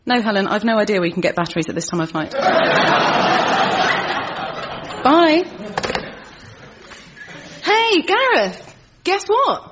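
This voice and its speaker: A woman's voice: fairly high pitch, big pitch swings, takes it slowly, long pauses. An actress playing an earnest, talkative middle-aged woman who minds a sulky teenage boy and speaks in a carefully formal way. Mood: chatty. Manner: prim, carefully formal phrasing. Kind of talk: sitcom acting. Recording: slightly muffled TV audio with faint crowd and noise.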